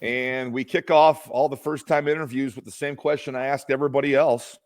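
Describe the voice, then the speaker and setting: A man's voice: mid-range voice, fairly even intonation, brisk. A man co-hosting a podcast, asking a guest friendly, open questions. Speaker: podcast co-host. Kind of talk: casual interview hosting.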